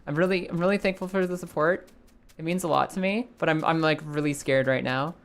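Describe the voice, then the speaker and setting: A young woman with a slightly low voice narrates her own gameplay live, chatting to viewers and swearing freely. Her talk is loose and conversational. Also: brisk. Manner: chatty, swears, talks to her chat while playing. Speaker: streamer.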